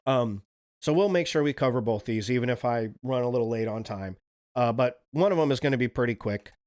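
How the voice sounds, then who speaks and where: A man hosting a livestream, telling spooky folk legends in a relaxed, chatty way and swearing casually. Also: mid-range voice, fairly quick. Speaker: streamer, host.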